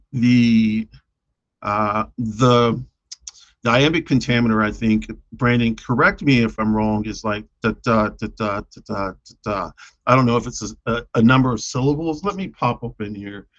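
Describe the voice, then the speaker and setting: A man's voice: medium pitch, fairly bright tone, dull audio. A man chatting casually on a live stream about his own poems, hesitant and self-deprecating, with lots of fillers.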